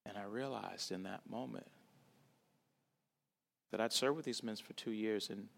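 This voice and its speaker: A man giving a church talk, telling a personal story in a preaching style and acting out quoted voices, loud one moment and hushed the next. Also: fairly low pitch, unhurried, creaky.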